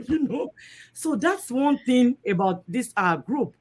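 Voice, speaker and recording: A woman's voice: fairly high pitch, animated, moderate pace. A woman giving a personal testimony in an emotional, heartfelt way. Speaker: guest speaker.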